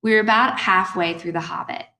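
A woman narrating an audiobook in a measured, gentle reading voice. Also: lowish voice, steady tone. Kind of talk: scripted narration.

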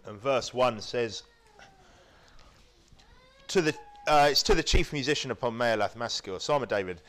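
A British man preaching a sermon, with lively delivery, stammered restarts and mocking impressions. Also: a little high, normal speed. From United Kingdom.

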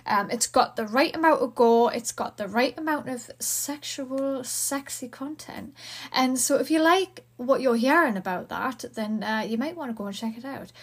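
High-voiced excitable Geordie woman. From Newcastle, England. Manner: excitable, fast and gushing. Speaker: podcast host. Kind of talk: casual podcast chat.

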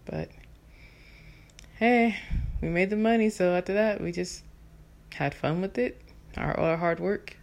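A woman in her thirties from Texas tells a story straight to her viewers. Her speaking voice sits a little low for a woman even though she sings soprano. She talks in an animated, chatty way and fills the gaps with casual fillers. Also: measured pace, long pauses. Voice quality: soprano singer. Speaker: vlogger.

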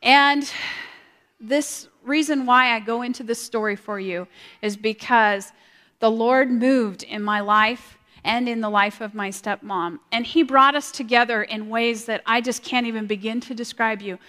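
A woman sharing a personal testimony in a large hall, earnest and halting, often repeating her words. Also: fairly high pitch, bright, forceful tone. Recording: long hall reverb.

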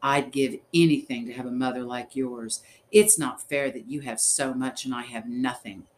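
A man's voice: medium pitch, steady tone, normal speed, a little hiss or hum, close to an everyday voice. A man reading an audiobook voices a bossy, resentful young girl who talks in a scornful, demanding way.

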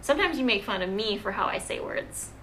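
A woman who is not a native English speaker, co-hosting a podcast in casual chat and enunciating clearly. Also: medium pitch, lively intonation, a little fast, fairly bright tone, slight background noise, poor audio. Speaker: podcast co-host.

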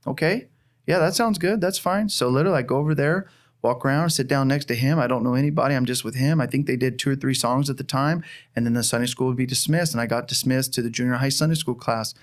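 A man's voice: medium pitch, steady tone, fast. Earnest man sharing a heartfelt testimony. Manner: earnest, heartfelt storytelling with frequent restarts. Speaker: church planter. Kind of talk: personal testimony in a conversation.

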